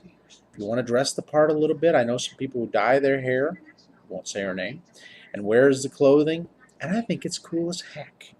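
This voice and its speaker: A man's voice: mid-range voice, lively intonation, moderate pace, darkish tone, slight background noise. Tired, rambling male game master. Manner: rambling, self-interrupting, upbeat. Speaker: game master giving tips. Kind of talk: casual talk to camera.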